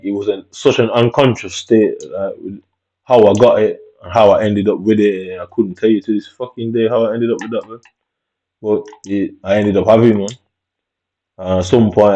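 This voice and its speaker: Mellow, low-voiced British man rambling. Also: highs cut off. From Jamaica. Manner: rambling and reflective, tags lines with "innit". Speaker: vlogger. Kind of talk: casual storytelling monologue.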